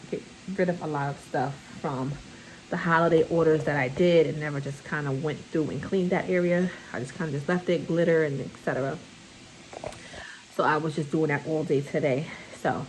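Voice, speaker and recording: A woman's voice: on the low side, slight background noise, low-quality recording. A mother vlogging in a casual, rambling way from her home kitchen while cooking, chatting to viewers as y'all. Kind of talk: casual vlog chat.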